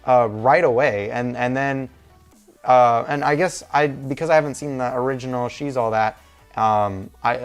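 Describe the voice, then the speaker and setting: A young man talking through a movie review in a casual, rambling, informal way. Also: mid-range voice.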